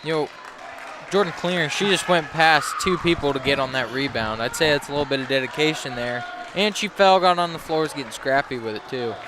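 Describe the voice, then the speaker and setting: A man's voice: fairly high pitch, brisk, a crowd in the background. Rambling male color commentator, "you know". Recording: noisy gym with ball bounces behind.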